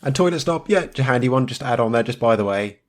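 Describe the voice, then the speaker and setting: A man's voice: medium pitch, expressive, fast talker. A man co-hosting a podcast, chatting in a rambling, easygoing way. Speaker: podcast co-host. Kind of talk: casual chat.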